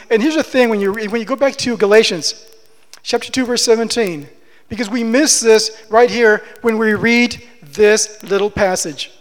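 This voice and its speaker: Male preacher, high voice, impassioned delivery, long hall reverb. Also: normal speed. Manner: impassioned, rises to emphatic declarations. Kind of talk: expository sermon.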